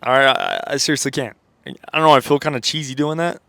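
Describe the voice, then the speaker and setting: A man's voice: fairly high pitch, steady tone, fast, sharp tone, no room sound. A man with stuffy sinuses giving a casual motivational vlog monologue, rambling with lots of fillers and self-corrections and checking in with "okay?" and "right?". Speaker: self-improvement content creator.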